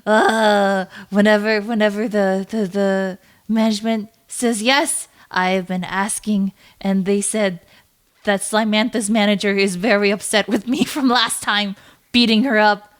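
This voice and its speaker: A woman's voice: medium pitch, fairly even intonation, unhurried. A woman guest, a VTuber, chatting playfully in an interview and laughing often. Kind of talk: casual interview chat.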